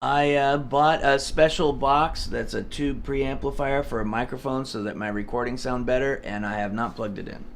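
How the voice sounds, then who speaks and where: A man's voice: mid-range voice, fairly even intonation, moderate pace, few pauses, a little hiss or hum. A man co-hosting a live show, rambling and hesitant in casual chat. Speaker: podcast co-host.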